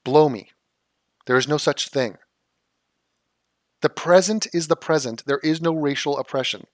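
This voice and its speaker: A man's voice: fairly high pitch, measured pace, no echo, studio quality. A man hosting a reaction commentary, ranting in a sarcastic, mocking and exasperated way. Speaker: political commentary host. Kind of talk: reaction commentary on a debate clip.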